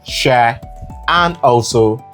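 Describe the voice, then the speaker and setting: A man from Nigeria co-hosting a casual chat with his wife, speaking in a measured way, affirming her points and prompting her with questions. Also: medium pitch, fairly bright tone, faint music behind. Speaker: co-host.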